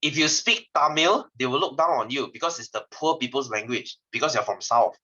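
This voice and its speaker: A man's voice: mid-range voice, expressive, fairly quick, sharp tone, husky. Chatty Malaysian man tutoring science. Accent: Malaysian English. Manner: chatty, rambling, laughs often. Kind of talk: casual online lesson. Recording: slightly dull lo-fi audio.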